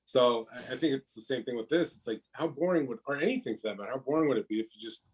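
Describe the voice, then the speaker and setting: A man's voice: medium pitch, fast talker, husky. A man as a guest in a casual chat, swearing casually and explaining things through comparisons.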